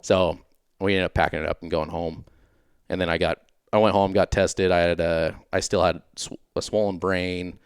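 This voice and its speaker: A man's voice: low-pitched, level tone, moderate pace, clean tone, no room sound, clean studio sound. A man in his late thirties, a podcast guest, telling a long story in a laid-back, rambling way with many fillers. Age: late 30s. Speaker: podcast guest, former racer. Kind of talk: casual interview storytelling.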